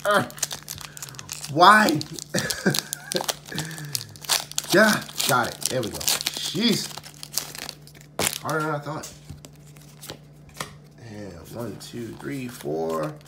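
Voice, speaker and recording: A man chatting casually to his camera, sighing and repeating himself as exasperation builds. His voice sits at an ordinary middle pitch. Loud crinkling of packaging runs beneath his talk. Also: animated, extremely slow, vocal fry, pauses often. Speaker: card-opening video host. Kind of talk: casual unscripted chat to camera. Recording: crinkling packaging noise throughout.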